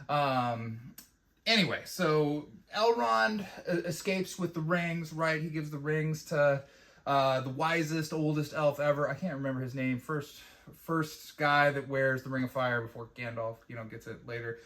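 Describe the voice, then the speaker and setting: A man's voice: fairly high pitch, normal speed, fairly bright tone. A man casually reviewing a fantasy TV episode, rambling and profane, with lots of fillers. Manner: rambling and profane, with mocking quoted impressions.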